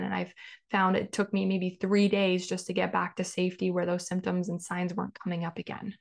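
A woman's voice: medium pitch, little pitch movement, normal speed, creaky. A woman in her thirties hosting a solo podcast, talking conversationally and repeating phrases for emphasis. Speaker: podcast host.

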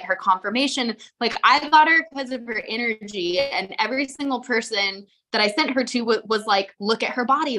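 A horse trainer co-hosting a podcast speaks at a medium pitch with a sharp tone. The chat is casual and frank, loaded with fillers and the odd curse word.

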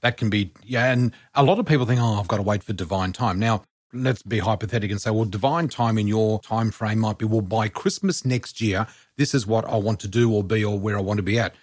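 A man's voice: fairly low pitch, brisk, a little mellow, dry recording, studio quality. A man in his sixties, a psychic medium talking as a podcast guest, earnestly encouraging the listeners. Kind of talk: casual podcast chat.

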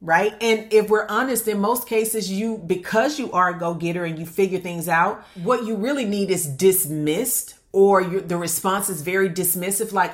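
A woman's voice: mid-range voice, normal speed, few pauses. A woman coaching successful women on marriage, speaking emphatically and asking many rhetorical questions. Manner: calls listener "honey". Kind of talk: motivational monologue.

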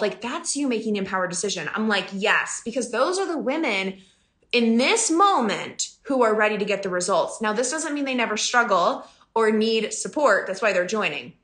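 Bright-voiced, chatty female business coach. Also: medium pitch, expressive, moderate pace. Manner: chatty, laughs often, emphatic. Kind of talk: casual podcast talk. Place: home in the country.

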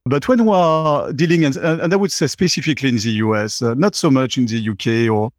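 A man's voice: mid-range voice, brisk, no echo, studio quality. A middle-aged man, a chatty interview guest who fills his talk with "you know". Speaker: guest, company CEO. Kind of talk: conversational interview.

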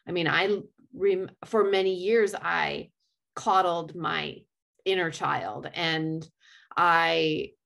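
A woman's voice: on the low side, fairly even intonation, takes it slowly, gravelly, fairly bright tone. Earnest rambling woman in her forties. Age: 40s. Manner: earnest, rambling with frequent "like" and restarts. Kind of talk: casual conversational chat.

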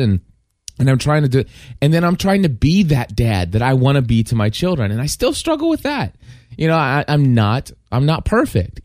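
A middle-aged man reflecting on faith and fatherhood in an earnest, halting way, often restarting his words. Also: medium pitch, a little mellow, no echo, clean studio sound. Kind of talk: casual spoken reflection.

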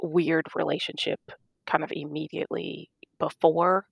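A middle-aged woman doctor casually recounting stories in an interview, animated and laughing as she acts out dialogue. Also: low-pitched, unhurried, vocal fry, husky, dry recording. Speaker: guest, physician.

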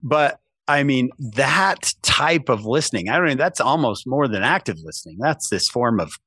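A man, a podcast guest, telling a self-mocking story in casual, animated talk with lots of "right?" asides. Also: medium pitch, normal speed, husky, no room sound. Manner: many restarts and asides like "right?".

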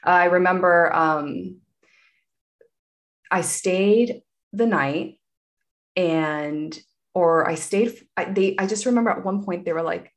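A woman's voice: on the low side, slow, long pauses. A woman guest telling a personal story in conversation, candid and meandering, with many asides.

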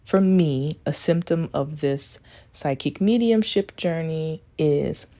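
Mellow low-voiced woman, candid. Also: slow. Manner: candid, swears freely, rambling asides. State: talking low to stay quiet. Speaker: podcast host. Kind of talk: casual confessional monologue.

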